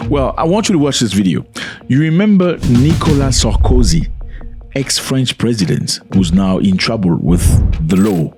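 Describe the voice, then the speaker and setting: A man's voice: mid-range voice, sing-song, a little slow, over music. A man giving casual video commentary, speaking conversationally and often putting questions to the viewer.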